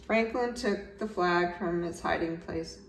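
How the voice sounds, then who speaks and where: A woman, a teacher, reading a children's storybook aloud with gentle, expressive narration. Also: lowish voice, unhurried, creaky. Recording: roomy echo, slightly distant mic, faint background noise.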